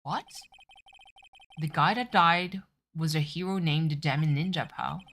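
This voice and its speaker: A woman's voice: sits low, unhurried, fairly bright tone, soft background music, exaggerated voice. A woman reading a bumbling friendly cop. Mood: chatty. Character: bumbling friendly male police detective.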